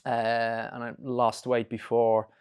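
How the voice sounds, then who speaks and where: A man's voice: mid-range voice, monotone, takes it slowly, a little mellow, clear, resonant tone. A man, chatting casually as a podcast guest, rambling with fillers and swearing freely. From Ireland. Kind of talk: casual chat.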